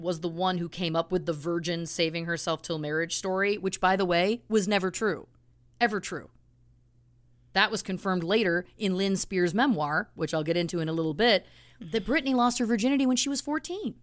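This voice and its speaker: A woman's voice: lowish voice, moderate pace. A woman co-hosting a casual true crime podcast, telling the story in a chatty way with indignant asides. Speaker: podcast co-host.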